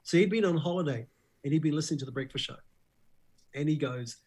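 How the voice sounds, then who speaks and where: A husky, fairly high-pitched man with a New Zealand accent tells radio stories in a casual interview. He is middle-aged and brings his anecdotes to life by acting out what people said. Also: fairly quick, pauses often, rough recording. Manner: animated storyteller who acts out quotes. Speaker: radio breakfast host, guest.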